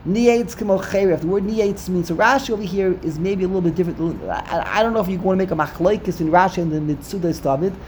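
A man's voice: high-pitched, fast talker, hardly any pauses, darkish tone, a little hiss or hum. A man teaching a study class on Hebrew grammar, explaining step by step and urging listeners to look closer.

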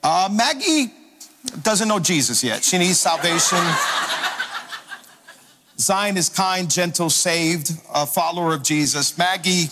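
A man preaching to his congregation as a pastor, energetic and playful, calling out to the crowd. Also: high voice, slow pace, pauses often, noisy background. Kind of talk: sermon. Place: church sanctuary. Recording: long hall reverb with faint music.

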